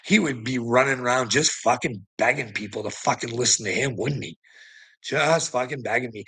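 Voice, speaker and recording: A man with a gravelly, raspy voice, worn out and venting in a long monologue. He swears in nearly every sentence and trips over his own restarts as he goes. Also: mid-range voice, normal speed, pushed and bright. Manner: profane, swears constantly; stammers and restarts. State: weary. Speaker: vlogger. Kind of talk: ranting monologue to the camera.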